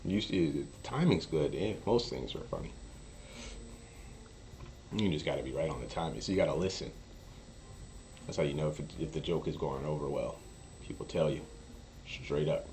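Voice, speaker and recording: A man streaming poker and chatting casually, an animated storyteller who acts out quotes. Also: a bass voice, moderate pace, long pauses, a little hiss or hum. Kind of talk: casual chat while streaming. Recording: faint music behind. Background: faint music.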